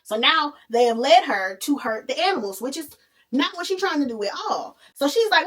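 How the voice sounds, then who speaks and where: A woman's voice: high voice, expressive, brisk, a bit bright. A woman hosting a podcast, retelling a story in a sassy, casual way and calling listeners honey and baby. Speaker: podcast host. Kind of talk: casual movie recap.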